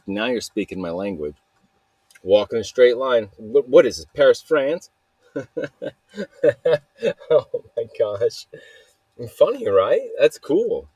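A man hosts a solo podcast in a loose, rambling way. He laughs often at his own stories. His voice sits low and sounds close and dry. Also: a little mellow, dry recording. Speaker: podcast host. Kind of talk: casual solo monologue.

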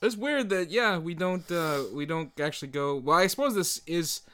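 A man co-hosting a comedy bit, blunt and deadpan in casual banter. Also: fairly high pitch, normal speed, clean tone. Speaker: co-host.

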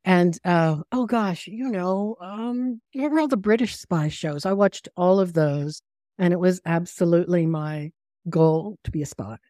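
Older american lady author chatting on a podcast, lowish voice, dry close mic, laughs a lot. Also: measured pace, mellow, no room sound. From United States. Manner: chatty, laughs often, tells anecdotes. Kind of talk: casual conversation.

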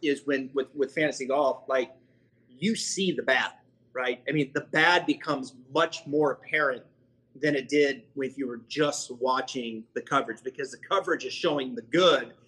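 Man, podcast host, bright edgy tone, slightly husky, casual conversational chat. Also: medium pitch, moderate pace, rough recording. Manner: conversational, frequent fillers and self-corrections.

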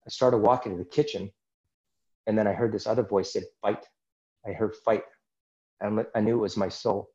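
A man's voice: lowish voice, fairly even intonation, brisk, pauses often, mellow, highs cut off. A man, a podcast guest, earnestly telling a personal story in conversation and acting out his own inner dialogue.

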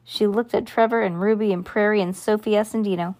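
A woman's voice: medium pitch, steady tone, brisk, a little mellow. A woman reading a children's book aloud, who sometimes slips on a word and fixes it as she goes. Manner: slips and corrects words as she reads. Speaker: reader.

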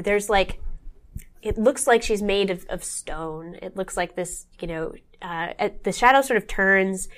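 A woman narrating a tabletop horror game as game master, meandering with many fillers. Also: medium pitch. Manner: meandering, lots of fillers and restarts.

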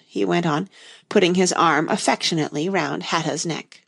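A woman narrating a storybook aloud in a steady, expressive manner. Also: fairly low pitch, normal speed, vocal fry, breathy edge.

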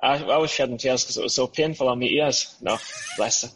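A man's voice: medium pitch, a little fast, a bit bright, a little hiss or hum, rough recording. A young man hosting a podcast, chatting casually and teasing his co-host. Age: young adult. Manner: joking, teasing. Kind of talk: casual chat.

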